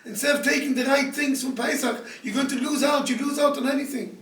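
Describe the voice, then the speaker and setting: A man's voice: very high-pitched, brisk, few pauses, a bit bright. A man, a rabbi, telling a story in a sermon in an earnest, pleading way and repeating his points to drive them home. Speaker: rabbi giving a talk. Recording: echoey room, speaker far from the mic.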